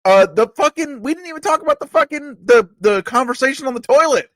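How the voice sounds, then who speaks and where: A man hosting a casual chat, excitable and profane, laughing often. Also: extremely high pitch, quick pace, no echo. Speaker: podcast host.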